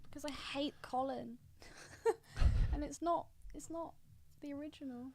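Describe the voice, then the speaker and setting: A woman's voice: high voice, unhurried, darkish tone. Teasing, sweary woman podcaster. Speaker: podcast co-host. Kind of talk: casual banter. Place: studio.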